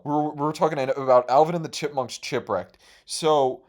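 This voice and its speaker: A man's voice: fairly high pitch, expressive, moderate pace, hardly any pauses. Rambling, profane young man storyteller. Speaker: podcast host.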